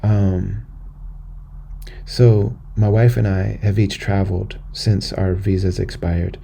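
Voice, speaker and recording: An American man talks through a personal story on his podcast, earnest and conversational, circling back over his words. His voice is low, dark and mellow, with a heavy gravelly fry. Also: flat delivery, slow, a little hiss or hum. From United States. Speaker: podcast host. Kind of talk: personal monologue.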